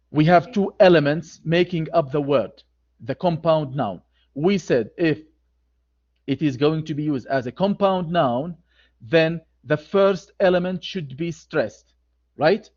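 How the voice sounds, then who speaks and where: Slow, repetitive male grammar teacher. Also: a little high, darkish tone, dull audio. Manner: slow, deliberate, repeats key phrases. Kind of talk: online grammar lecture.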